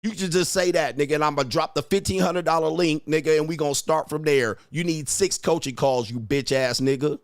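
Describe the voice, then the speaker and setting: In a studio-quality recording with no echo, a high-leaning male voice rattles along fairly quickly with hardly any pauses. The speaker hosts a livestream and coaches people on dating. He is berating his viewers with a profane stream of insults and repeated taunts.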